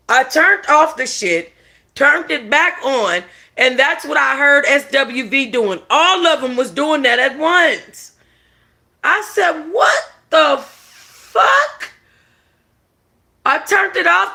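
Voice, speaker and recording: A music review vlogger with an unhurried delivery and a gravelly, crackly edge to a bright, forceful tone. The talk is gossipy and blunt, full of profanity and aimed straight at the viewers. It stays opinionated and expressive throughout. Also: high-pitched. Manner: animated, blunt and profane, with mocking impressions.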